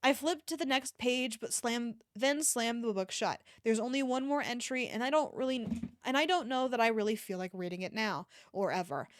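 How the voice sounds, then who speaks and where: A woman's voice: normal speed, dry recording, clean studio sound. Woman casually reading a novel aloud. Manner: reads in a low, quiet voice with occasional stumbles and restarts. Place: home streaming setup.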